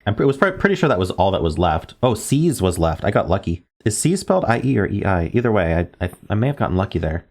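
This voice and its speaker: Spelling out letters and weighing guesses aloud, this deep-voiced man streams word puzzles fast, with few pauses and big pitch swings. His talk is casual and self-correcting, and typing clicks come through in the background.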